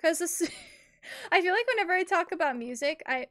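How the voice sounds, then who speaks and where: Bubbly young woman streamer, high voice. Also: big pitch swings, moderate pace, a bit bright, slight background noise. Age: young adult. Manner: chatty, bubbly, talks to chat while playing. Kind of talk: casual game commentary. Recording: faint game music behind.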